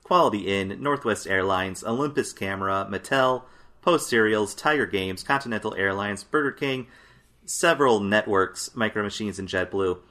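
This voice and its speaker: A man's voice: lowish voice, normal speed, pushed and bright. A man co-hosting a casual chat, reading out lists of facts in a dry way with fillers. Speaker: podcast co-host.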